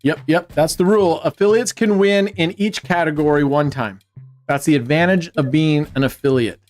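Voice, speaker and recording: A man's voice: fairly high pitch, moderate pace, darkish tone, faint music behind. A man hosting a livestream giveaway, chatting casually and teasing viewers in playful banter. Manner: joking, teasing banter with chat. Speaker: livestream host.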